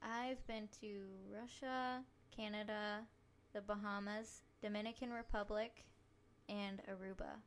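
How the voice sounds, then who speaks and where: A woman's voice: medium pitch, little pitch movement, unhurried. A young woman co-hosting a podcast, chatting casually with a giggly, teasing manner. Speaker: podcast co-host. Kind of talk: casual chat.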